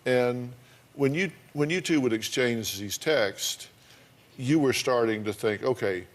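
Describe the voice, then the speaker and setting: A man's voice: medium pitch, unhurried. Older man hosting a folksy talk show. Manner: folksy, probing, reads letters aloud. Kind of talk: interviewing a guest on a talk show.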